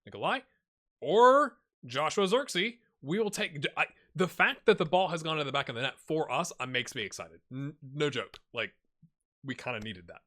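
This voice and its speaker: Bright, chatty man in his forties. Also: medium pitch, animated, brisk. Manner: rambling, self-deprecating, chatty. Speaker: gaming YouTuber. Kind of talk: casual let's-play commentary.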